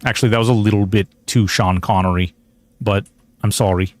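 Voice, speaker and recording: A man's voice: lowish voice, fairly even intonation, a little fast, no room sound. A man streaming a game, chatting casually in a rambling, joking way and slipping into mock outrage. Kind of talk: casual gameplay commentary.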